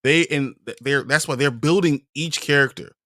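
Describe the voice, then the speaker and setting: A man's voice: on the high side, normal speed, sharp tone, no room sound, clean studio sound. A man on a casual roundtable panel, giving earnest, emphatic opinions. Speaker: panel guest.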